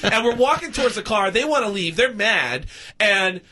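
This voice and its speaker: A man, a comedian, telling a long story on a radio show, acting out everyone's lines, often laughing and shouting. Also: lively intonation, moderate pace, a crowd in the background. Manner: acts out other people's lines with big pitch swings, laughing and shouting. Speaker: comedian guest. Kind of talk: animated comic storytelling. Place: radio studio.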